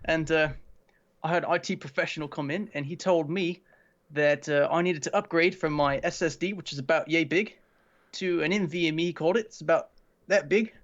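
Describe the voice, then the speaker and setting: A man's voice: on the high side, fairly quick, muffled recording, natural voice. A man voicing an oblivious, stubborn tech customer in a put-on Australian accent, rambling a bit nervously. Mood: indignant.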